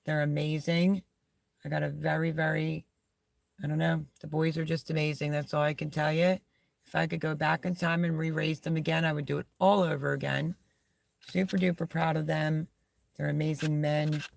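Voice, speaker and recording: A woman's voice: sits low, flat delivery, normal speed, gravelly, no room sound. A middle-aged woman chatting casually on a live stream from a small camping setup, rambling and talking to her dog between thoughts.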